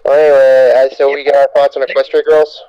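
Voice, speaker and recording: A man's voice: medium pitch, little pitch movement, quick pace, clean tone, no room sound, highs cut off. A man in a casual group podcast chat, goofy and hyper, teasing the others.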